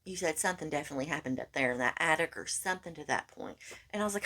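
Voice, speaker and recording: Woman podcaster, lower register, animated casual storyteller who keeps saying "honey.". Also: racing. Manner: animated, acts out quoted lines, calls listener honey. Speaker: podcast co-host.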